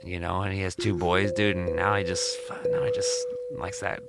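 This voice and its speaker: A young man from Mississippi telling stories in a relaxed chat, saying "dude" often and laughing between lines. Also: low voice, moderate pace, very noisy. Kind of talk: casual storytelling chat.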